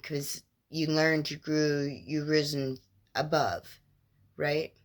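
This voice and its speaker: A woman with a lowish voice gives a spiritual mentor's inspirational monologue. She talks very slowly and measuredly, stringing words into drawn-out lists. Her tone is gentle and reassuring. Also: little pitch movement.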